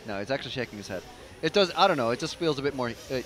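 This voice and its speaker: A man's voice: mid-range voice, animated, very fast, fairly bright tone, poor audio. A man giving casual, rambling live race commentary with lots of fillers. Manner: chatty, rambling, with frequent fillers. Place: outdoor racetrack, trackside.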